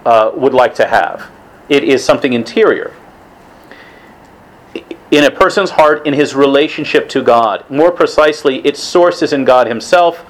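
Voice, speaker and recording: A man's voice: medium pitch, low-quality recording. A man giving a conversational religious talk to a weekly evening group, casual in tone, with restarts and asides.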